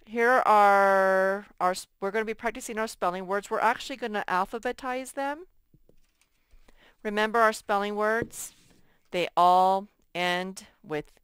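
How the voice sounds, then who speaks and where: A woman teaching a first grade lesson in a slow, patient, sing-song way. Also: medium pitch, fairly bright tone, smooth, dry recording. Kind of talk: recorded classroom lesson.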